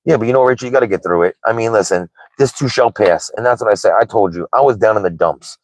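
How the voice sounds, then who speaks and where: A man's voice: on the low side, fast talker, slight background noise, rough recording. A man in his thirties hosting a casual livestream chat, candid and rambling, with lots of "like" and "right?". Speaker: livestream host.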